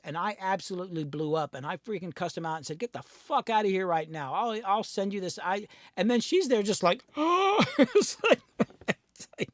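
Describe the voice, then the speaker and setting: A middle-aged man with a slightly high voice talks candidly on a casual livestream. His delivery is blunt and peppered with swearing. He is recorded close and dry, with no room sound around him. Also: dry recording. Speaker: host, recording engineer and producer.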